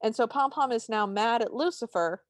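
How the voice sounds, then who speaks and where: A woman's voice: a little high, moderate pace, no echo, clean studio sound. A woman co-hosting a podcast, wryly narrating film scenes in casual chat and laughing often. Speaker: podcast co-host.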